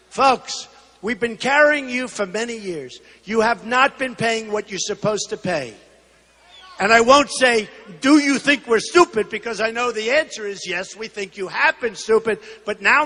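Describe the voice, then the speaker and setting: Man in his sixties, very high voice, rally speech, punchy repetitive phrasing, long hall reverb. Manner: shouts some lines. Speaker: political candidate. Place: large rally venue.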